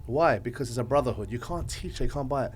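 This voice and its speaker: A man talks as a guest on a podcast, rambling through his stories with animated energy. His voice sits in a middle pitch and swings from loud bursts to quiet stretches as he chats casually. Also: quick pace, slightly rough. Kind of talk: casual chat.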